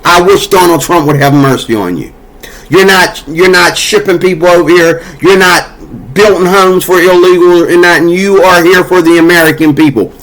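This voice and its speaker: A man's voice: high-pitched, moderate pace, fairly bright tone. A man delivering a heated, profane political monologue, scolding and cursing as he talks. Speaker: political commentator. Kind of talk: angry monologue.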